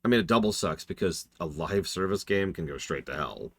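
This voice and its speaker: A man with a low voice gives casual commentary while streaming a game. He talks in a wry, rambling, self-deprecating way. His pitch swings widely. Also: expressive, brisk, fairly bright tone, dry recording.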